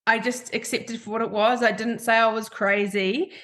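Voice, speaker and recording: A woman's voice: on the high side, fairly even intonation, moderate pace, fairly bright tone. A woman with a New Zealand accent hosting a podcast, telling a personal story in a candid, heartfelt way. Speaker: podcast host. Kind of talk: casual podcast chat.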